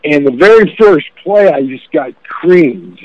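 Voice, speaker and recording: Lively man telling stories over a dull line. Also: fairly high pitch, a little slow. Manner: animated storyteller, laughs often. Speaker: actor guest. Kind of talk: casual storytelling.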